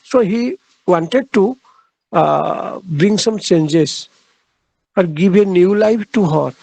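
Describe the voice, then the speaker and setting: A man lecturing on literature in a high voice with a gravelly edge. He speaks haltingly, often repeating a phrase and filling pauses with "uh." The sound is dry, with no room echo. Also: a little mellow.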